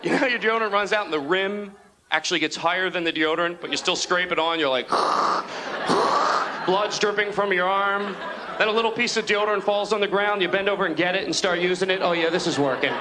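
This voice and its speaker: A young male comedian with a high, bright voice rattles through a stand-up set on a club stage, dropping into quick character voices. He speaks into a handheld mic, with steady room noise from an old videotape and a laughing crowd behind him. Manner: fast, animated, jumps into quick character voices. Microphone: handheld stage microphone. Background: audience laughter.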